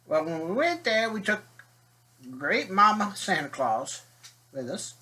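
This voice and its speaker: A man's voice: sits high, very animated, a little slow, pushed and bright. A man telling a rambling, folksy comic story as a video host.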